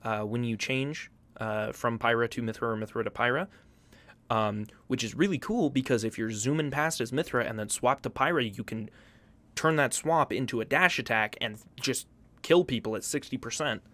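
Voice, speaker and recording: A man's voice: medium pitch, moderate pace, a bit bright. A man hosting a casual commentary video, profane, joking and hyperbolic. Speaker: YouTube host.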